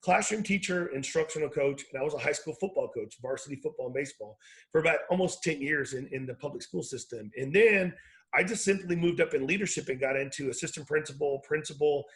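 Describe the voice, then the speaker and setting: A man's voice: on the high side, fast, fairly bright tone, rough recording. A man in his forties, an educator and founder, telling stories in a rambling way and often correcting himself on a video call. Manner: rambling, self-correcting storyteller. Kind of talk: casual video call conversation.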